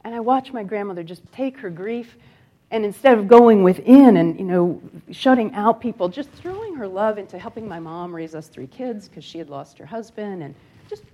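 A middle-aged woman from upstate New York preaching a sermon in a conversational storytelling way, dropping to a hushed near-whisper at grave moments. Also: mid-range voice, animated, normal speed. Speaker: guest speaker.

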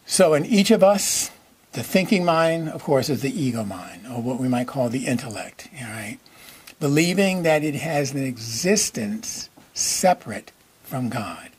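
A man with a very husky, breathy voice delivers a sermon to his congregation. His pitch sits in an ordinary middle range, and he repeats key lines slowly and checks in with "okay?" again and again. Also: animated. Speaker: minister.

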